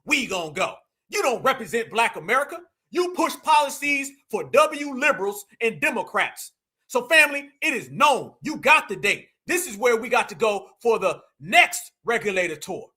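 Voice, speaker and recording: A man's voice: extremely high pitch, very animated, moderate pace, bright, forceful tone, husky. A man hosting a political livestream, delivering a fiery, preachy rant and repeatedly calling his audience family. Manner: preachy, repetitive, calls audience fam. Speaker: livestream host.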